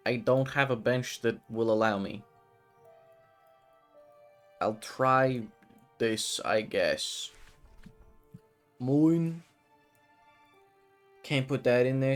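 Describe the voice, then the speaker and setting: A man streaming a game, talking to himself in a grumbling, frustrated way. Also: medium pitch. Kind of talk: casual gameplay commentary.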